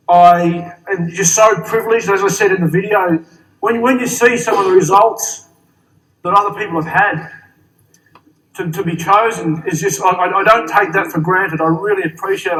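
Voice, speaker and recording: Middle-aged Aussie man, high and bright, friendly joker, stage speech heard from a distance. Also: normal speed. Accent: Australian. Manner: jokey, friendly, with repeated words and restarts. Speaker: award-winning associate giving a stage speech. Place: stage at a large company event.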